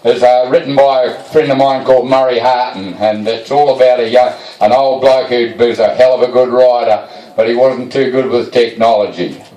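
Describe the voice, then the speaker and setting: A man telling funny yarns to a live audience in a slow, dry, yarn-spinning way. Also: mid-range voice, steady tone, dark tone. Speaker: storyteller. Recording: echoey room from far off the mic.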